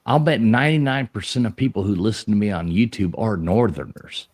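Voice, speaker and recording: A man's voice: fairly low pitch, a little fast, a crowd in the background. A man hosting a casual livestream chat, talking loosely, swearing a bit and restarting his sentences. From American South. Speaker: host.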